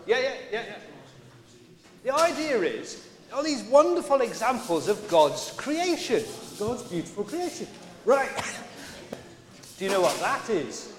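In a large church, a man leads a playful all-age children's talk with props, chatty and coaxing the kids along. His very high, sing-song voice goes slowly with long pauses, amid crowd noise and the long reverb of an echoey hall.

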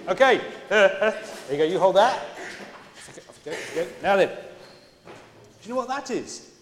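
Guy doing a kids talk in church, high voice that jumps all over, big echoey hall with long reverb. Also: moderate pace, a little hiss or hum. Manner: animated, chatty, coaxing the children. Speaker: preacher leading a children's talk. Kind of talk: playful all-age church talk with props. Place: large church.

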